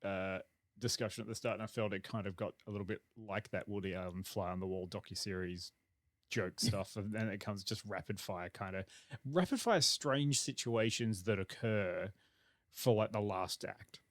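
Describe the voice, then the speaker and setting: A man hosting a podcast, talking in a rambling, halting way full of restarts. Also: lowish voice, no echo, studio quality. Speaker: podcast host. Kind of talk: casual chat.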